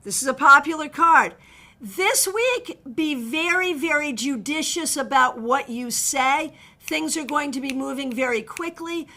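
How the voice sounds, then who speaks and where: A woman with a high, bright voice reads tarot cards on a live stream. She talks in a chatty, direct way, greets viewers one by one and gives blunt advice. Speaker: tarot reader. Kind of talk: live-stream card readings.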